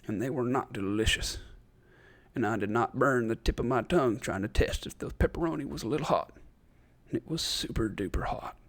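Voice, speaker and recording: A man's voice: mid-range voice, lightly acted. Man doing a guilty snacker's mock statement. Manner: mock-formal press-statement denial. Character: sheepish man denying eating snacks.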